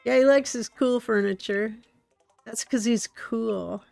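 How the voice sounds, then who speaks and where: A woman hosting a relaxed gameplay stream, chatting and giggling with her viewers. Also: fairly high pitch, measured pace, vocal fry, dry recording, faint music behind. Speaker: streamer, host.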